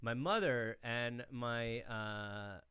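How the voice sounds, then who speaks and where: A comedian sitting in as a guest on a comedy podcast, telling stories with a dry, wry edge and plenty of swearing. His voice sits at an ordinary pitch for a man and sounds close to the mic, with no room echo. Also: very slow, pushed and bright, clear, resonant tone. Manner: wry, joking, profane. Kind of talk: casual comedy podcast chat.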